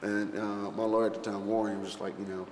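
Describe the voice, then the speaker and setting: A man's voice: on the low side, quick pace, a little hiss or hum. A man telling stories in a casual interview, rambling and profane, full of fillers and restarts, acting out what others said. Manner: animated storyteller who acts out others' lines. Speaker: interviewee recalling a film shoot. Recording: echoey hall with long reverb, faint ambience.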